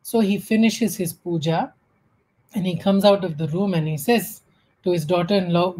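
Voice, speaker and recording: A woman's voice: fairly low pitch, normal speed, breathy edge, rough recording. A woman with an Indian English accent giving a humorous storytelling talk at an online spiritual gathering. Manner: warm, humorous storytelling with acted quotes.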